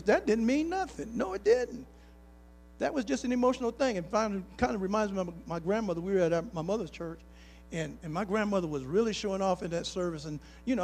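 High-voiced pastor preaching with swing. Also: male voice, darkish tone, a little hiss or hum. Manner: preacher's call-and-response, folksy, rising to emphatic. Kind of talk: sermon with personal stories. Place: church sanctuary.

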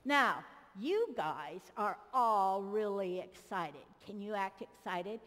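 A woman's voice: medium pitch, animated, takes it slowly, a bit bright. A woman pastor giving a children's sermon in a church, cheerfully coaxing the kids as she directs them through a Bible story. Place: church sanctuary. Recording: long echo of a large church.

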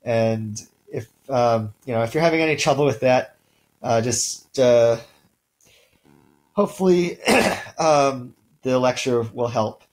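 Taking it slowly, this male linguistics instructor delivers a relaxed recorded lecture with a medium-pitched voice. He says um and uh a lot and clears his throat now and then. The recording quality is rough.

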